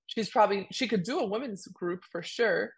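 A woman's voice: mid-range voice, normal speed, breathy edge. A young woman co-hosting a podcast, talking casually and animatedly with lots of fillers. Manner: animated, chatty, many fillers. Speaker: podcast co-host. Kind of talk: casual conversation.

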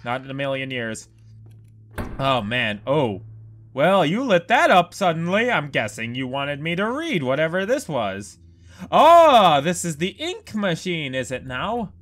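A man giving let's play commentary on a horror game, excitable and prone to profane outbursts. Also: a little high, vocal fry. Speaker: gameplay commentator.

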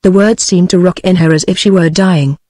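A woman's voice: lowish voice, fairly even intonation, a little fast, a little mellow, no echo. Dry synthetic British woman narrator. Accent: British English. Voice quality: synthetic, evenly paced. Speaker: audiobook narrator. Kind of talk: text-to-speech audiobook reading.

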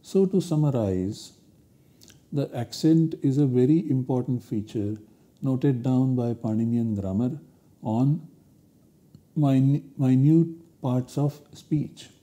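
A man giving a recorded university lecture, explaining grammar rules slowly and deliberately. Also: mid-range voice, warm tone.

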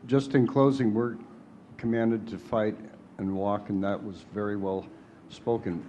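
A man from the congregation adding a calm closing remark, off mic. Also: lowish voice, measured pace, muffled recording, slight background noise. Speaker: congregation member.

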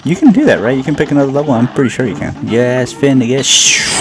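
A man's voice: medium pitch, expressive, quick pace, hardly any pauses. A man casually commenting on his own gameplay, joking at himself and repeating words as he plays. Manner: jokey, self-mocking, repeats words. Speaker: gaming channel host. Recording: game music playing behind.

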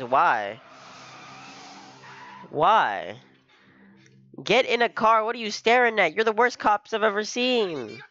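A man's voice: high-pitched, big pitch swings, takes it slowly, long pauses, pushed and bright, highs cut off. Slangy young man reacting to anime. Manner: laughs often, slangy, calls everyone bro. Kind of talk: casual reaction commentary.

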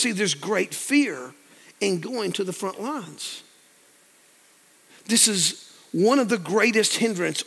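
A man's voice: high-pitched, fairly bright tone, big-room sound. A pastor in his fifties preaching a folksy sermon to his congregation, acting out other people's voices along the way. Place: church sanctuary.

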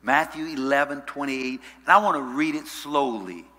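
A man preaching a sermon as pastor. He uses call-and-response and swings from loud, rising calls to soft, low passages. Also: normal speed. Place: church sanctuary. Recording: church hall reverb.

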